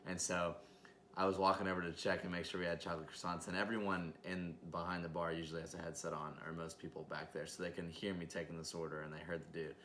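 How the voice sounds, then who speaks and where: A man's voice: low voice, level tone, fast talker, bright, forceful tone, a little hiss or hum. A man co-hosting a podcast in casual chat, telling playful stories. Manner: storytelling, playful. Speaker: podcast co-host.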